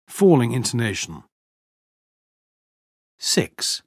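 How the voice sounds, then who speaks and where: Guy teaching pronunciation, reads super slow and careful, bouncy intonation. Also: mid-range voice, big pitch swings, no echo, studio quality. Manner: slow, clearly articulated reading of example sentences. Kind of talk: scripted language lesson.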